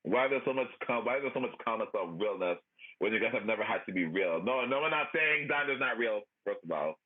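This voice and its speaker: A man ranting on a livestream in a sassy, profane, animated way. His voice leaps up and down and has a husky grain. The sound is thin and phone-like. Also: on the low side, fast. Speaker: livestream host. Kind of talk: casual chat, ranting. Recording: tinny phone-like audio.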